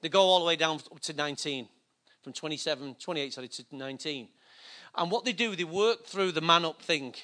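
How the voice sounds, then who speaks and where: Middle-aged guy preaching, high bright voice, jokey storytelling. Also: fairly quick. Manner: chatty, self-mocking anecdotes with laughter. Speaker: pastor. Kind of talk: storytelling sermon.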